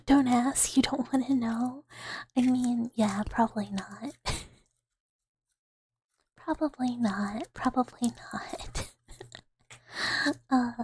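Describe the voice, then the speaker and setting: A woman streamer giving soft-spoken, whispered ASMR chat to her viewers, giggly and casual, close to the mic. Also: a little high, steady tone, takes it slowly, long pauses, a little hiss or hum. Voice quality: breathy whisper.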